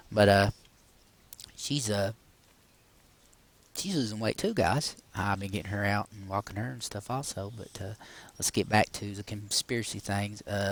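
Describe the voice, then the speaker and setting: A middle-aged man hosting a paranormal podcast, talking straight to his viewers in a loose, rambling way with many fillers and frequent asides to "guys". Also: fairly low pitch. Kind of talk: casual rambling monologue to viewers.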